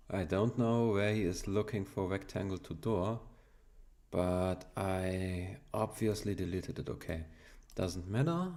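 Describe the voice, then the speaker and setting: A man's voice: sits low, warm tone. A man with a German accent thinking aloud to himself as he codes on a live stream, with keyboard clicks behind him. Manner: muttering to himself while typing, half-joking. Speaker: coding streamer. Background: keyboard typing and clicks.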